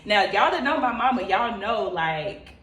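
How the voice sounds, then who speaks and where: Expressive, profane woman storyteller; casual storytime vlog, echoey room. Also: medium pitch, a little slow. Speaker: vlogger.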